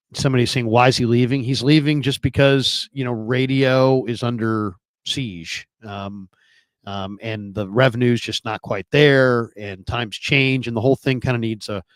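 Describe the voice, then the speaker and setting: A man in his fifties, a radio veteran, talking casually and hesitantly with many pauses. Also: medium pitch, no echo. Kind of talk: casual talk show chat.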